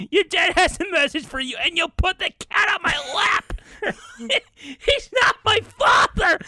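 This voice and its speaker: Woman playing a shrill, ranting retired mother. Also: no echo, exaggerated voice. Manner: shouting, scolding, near-tearful rants. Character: exasperated retired older mother, shrill and indignant.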